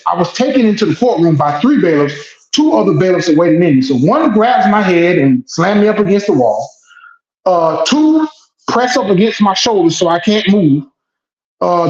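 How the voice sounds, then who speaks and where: A man who is a guest telling an emotional first-person story, animated and blunt, repeating phrases and swearing. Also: sits high. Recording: echoey dull lo-fi room.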